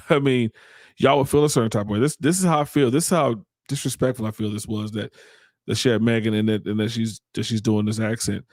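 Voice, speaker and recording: A man's voice: fairly low pitch, fairly even intonation, fairly quick, darkish tone, dry recording. Podcast guy ranting, blunt and fired up, stumbles over his words a lot, dry close sound. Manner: blunt, indignant, repeats himself while thinking. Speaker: podcast host. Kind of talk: opinion commentary.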